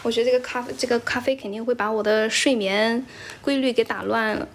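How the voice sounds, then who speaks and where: A young woman from China chats casually on a livestream, switching between English and Chinese. Her voice sits a little high. She laughs often and keeps thanking viewers for their gifts. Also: steady tone, fast talker, a little hiss or hum. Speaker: livestream host. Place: indoors, squatting while streaming.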